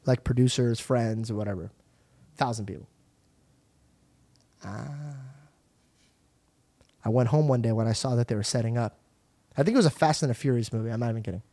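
A young man hosting a podcast, telling stories in a casual, animated way, acting out voices and swearing freely. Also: mid-range voice, brisk, long pauses. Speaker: podcast host. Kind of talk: casual storytelling chat. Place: podcast studio.

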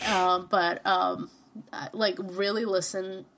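A woman's voice: mid-range voice, slow pace, a little hiss or hum. Chatty young woman. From Brazil. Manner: lively, chatty, blunt. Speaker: podcast co-host. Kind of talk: casual chat.

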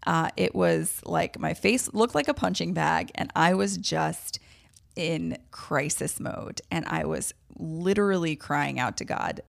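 A woman's voice: low-pitched, expressive, a little slow, gravelly. A woman hosting a podcast, telling a personal story in a candid, emotional way with self-deprecating laughs. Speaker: podcast host.

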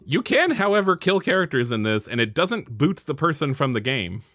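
Chatty game master with lively pitch. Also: fairly quick, dry recording, studio quality. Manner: chatty, laughing. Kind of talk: tabletop role-play.

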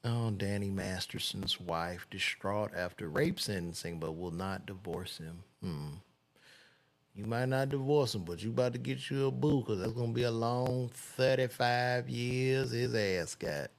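A man's voice: fairly low pitch, unhurried, creaky. A man casually reading celebrity news aloud and reacting with loose, profane commentary while he browses.

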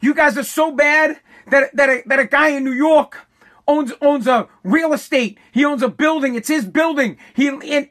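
A fired-up woman ranting about politics, swearing freely and dripping with sarcasm. Her delivery is heated, and she stumbles over repeated words as her anger builds. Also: sits high. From United States. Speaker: political commentator. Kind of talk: angry political rant.

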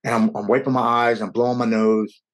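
A man's voice: mid-range voice, flat delivery, a little fast. A man in his forties telling a personal recovery story in conversation, earnest and emotional, often stumbling and restarting his words. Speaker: guest sharing a recovery story.

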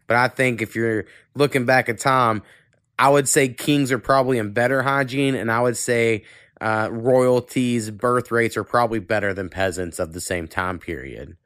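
A man's voice: medium pitch, normal speed, fairly bright tone, clean tone, no echo, studio quality. A man hosting a podcast, talking in casual chat, rambling and swearing freely while congested with a cold. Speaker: podcast host.

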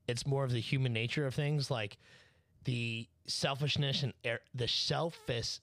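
A man's voice: mid-range voice, fairly even intonation, moderate pace, dry recording. Man, podcast co-host, loose and profane storyteller, dry close sound. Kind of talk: casual chat.

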